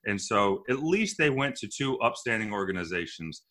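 A man's voice: on the low side, very animated, normal speed, sharp tone. A man co-hosting a casual sports podcast, speaking with dry sarcasm and many restarts. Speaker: podcast co-host.

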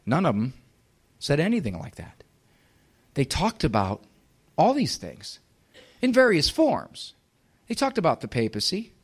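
A man with a somewhat high voice speaks to a live audience. He is emphatic and sarcastic and keeps firing rhetorical questions. His tone stays punchy throughout. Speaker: speaker giving a talk.

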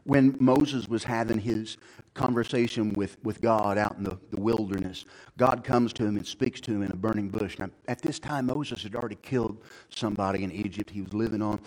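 A middle-aged man preaching a sermon in a conversational way, moving from low, quiet stretches to loud, high-pitched emphasis. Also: fairly even intonation, brisk, poor audio. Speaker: pastor.

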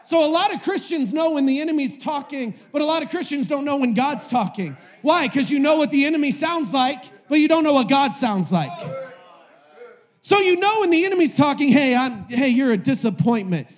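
Man, preacher, very high voice, impassioned sermon, loud then hushed. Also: animated, brisk. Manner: impassioned, swings between shouting and hushed tones; repetitive, rhetorical questions. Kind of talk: sermon to a live audience.

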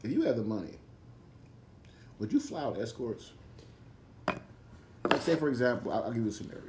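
Lively joking man in casual chat. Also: mid-range voice, normal speed, very noisy. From St. Louis. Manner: joking, storytelling, profane. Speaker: podcast co-host.

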